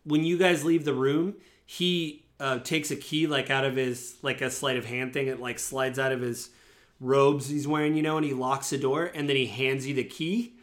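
A man's voice: mid-range voice, steady tone, moderate pace. A man narrating a tabletop game as game master, rambling with many fillers.

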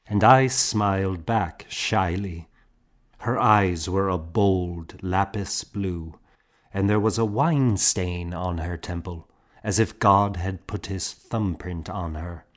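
A man narrating a story in a measured storytelling manner. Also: low-pitched. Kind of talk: scripted narration.

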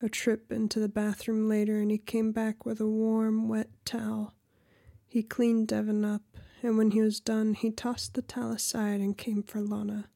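A woman reading erotic fiction aloud in a soft, often half-whispered voice. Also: on the high side, completely flat delivery, normal speed, vocal fry, no room sound, clean studio sound. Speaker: audiobook narrator. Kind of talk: erotic audiobook narration.

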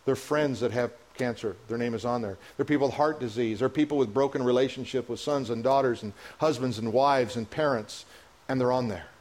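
A pastor preaching a sermon in a church, impassioned and building to emotional peaks, with halting restarts and repeats. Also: male voice, mid-range voice, darkish tone. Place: church sanctuary.

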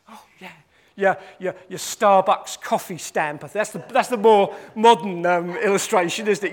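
A man's voice: high voice, normal speed, hardly any pauses. A man preaching a sermon. He repeats his points for emphasis and acts out the quoted voices.

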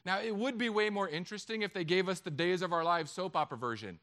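A middle-aged man preaching a sermon, joking with the congregation in an animated way. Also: sits high, quick pace. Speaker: pastor.

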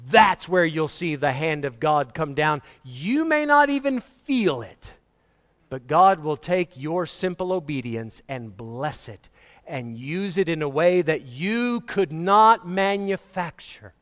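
A man preacher delivering a sermon, telling personal stories in a lively way and acting out the voices of the people in them. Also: a little high, slow. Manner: animated storyteller, acting out quoted voices.

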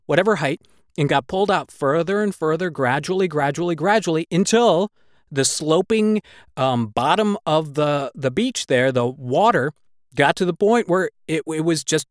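A man's voice: a little high, dry recording, studio quality. Swearing man telling a dramatic story. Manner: swears constantly, breathless retelling; emotional, gets worked up. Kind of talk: personal storytelling.

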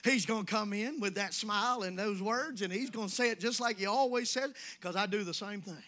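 A pastor preaching to his congregation in a very high, piercingly bright voice. He talks folksy and familiar, dropping to hushed asides before climbing into full shouts. The sound carries the feel of a church sanctuary. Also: brisk. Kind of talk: sermon.

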